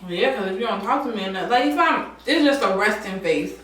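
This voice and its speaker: A woman's voice: medium pitch, expressive, a little fast, a bit bright, slight background noise. A woman hosting a mukbang eating show, chatting casually between bites with lots of laughs. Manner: chatty, laughing, southern-style drawl words like y'all. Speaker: mukbang host. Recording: echoey room from far off mic.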